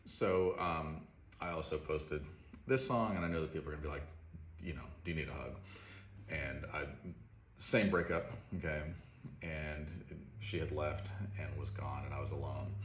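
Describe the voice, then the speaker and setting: A man talking casually and earnestly about a song he wrote, soft-spoken and rambling with fillers. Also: extremely low pitch, slight background noise. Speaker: songwriter. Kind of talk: casual heartfelt vlog talk. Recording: echoey room with faint ambience.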